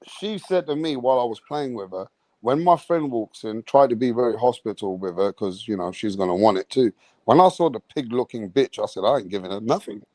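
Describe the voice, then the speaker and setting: A man's voice: mid-range voice, animated, a little fast, a little mellow, dry recording. A man hosting a late-night podcast, telling a crude, swaggering story with laughter. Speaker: host.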